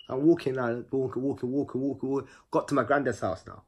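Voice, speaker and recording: In a casual monologue, a fast-talking man with a mid-range, breathy-edged voice relates something from his own life. He keeps it animated, slang-heavy and rhythmic through repeated words.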